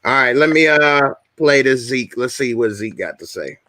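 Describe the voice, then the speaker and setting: A man hosting a casual TV review chat, relaxed and slangy. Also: mid-range voice, moderate pace, dry recording. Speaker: show host.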